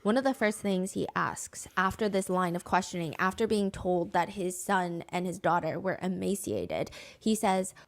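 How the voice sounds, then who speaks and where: A woman telling a true crime story in measured, scripted narration. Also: on the low side, animated.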